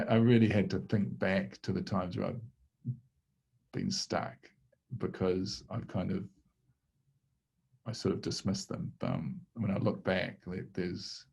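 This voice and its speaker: A man hosting a casual podcast conversation, reflective and halting, with frequent restarts. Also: low-pitched, gravelly, a little mellow, slightly rough. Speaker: podcast host.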